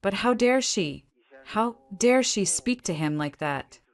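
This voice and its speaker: A woman's voice: mid-range voice, lively intonation, a little slow, close to an everyday voice. A woman narrator voicing a weary adult husband torn by guilt, in a tired, pained tone. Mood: anguished.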